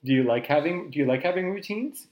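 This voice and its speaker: A man's voice: fairly high pitch, lively intonation, quick pace, lo-fi sound. A man hosting a family health podcast, encouraging and reading out closing take-home points. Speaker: podcast host. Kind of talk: podcast hosting and interviewing a child.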